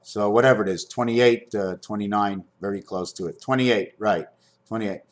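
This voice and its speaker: A vlogger in his fifties rambles through a spiritual monologue to camera at a normal speed. He swings between high, loud bursts and low muttering.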